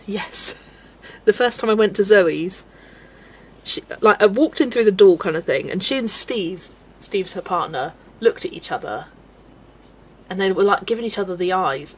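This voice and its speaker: While colouring on a livestream, a young English woman reads chat and chats casually, telling stories and giggling often. She speaks at normal speed in an expressive mid-range voice, with a little hiss or hum in the recording.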